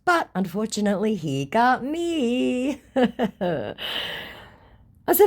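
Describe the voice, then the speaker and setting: A woman's voice: fairly high pitch, sing-song, slow pace, pauses often. A woman telling a comic story in a sarcastic, mocking way. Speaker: storyteller recounting a chat. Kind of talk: comedic storytelling.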